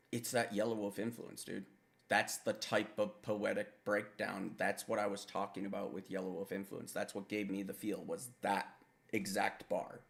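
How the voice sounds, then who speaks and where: In a music reaction video, a man with a low, gravelly voice and a breathy edge gives casual commentary on an album. His talk is laid-back, rambling and full of profanity.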